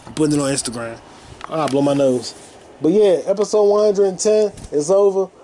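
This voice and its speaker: A man in his twenties hosting a solo comedy podcast from his childhood bedroom, rambling and profane, now and then breaking into loud shouting. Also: on the high side, fairly quick, a little hiss or hum. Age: 20s. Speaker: podcast host.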